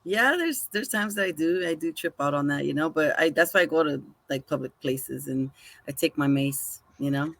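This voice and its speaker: A man's voice: on the high side, normal speed, creaky, a bit bright, no echo. A man co-hosting a podcast in casual chat, chatty and laughing often. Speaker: podcast co-host.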